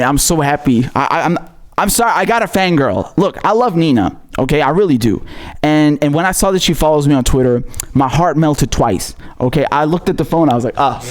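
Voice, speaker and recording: A man hosting a livestream of political commentary. He reads viewer messages and rants angrily, with lots of swearing. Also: a little high. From outside the United States. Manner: angry, profane ranting with laughter.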